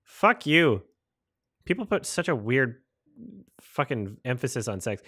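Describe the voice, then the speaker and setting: A man's voice: mid-range voice, big pitch swings, measured pace, a bit bright, slightly rough, no room sound, studio quality. A man casually commenting on a movie as he watches it, rambling, swearing and incredulous. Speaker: host reacting to a film.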